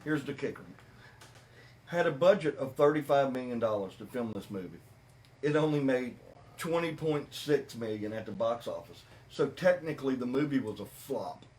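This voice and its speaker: A man hosting a podcast, chatting casually about a movie with animated, repetitive emphasis. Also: medium pitch, moderate pace. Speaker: podcast host. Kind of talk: casual movie review chat.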